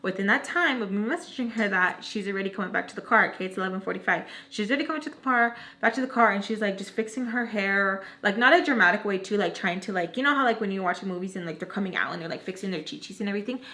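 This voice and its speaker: A woman's voice: mid-range voice, very fast, few pauses, sharp tone. A young woman in her twenties telling a storytime vlog, chatty and slangy, filling her talk with "like". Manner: chatty, slangy, heavy use of "like". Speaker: vlogger.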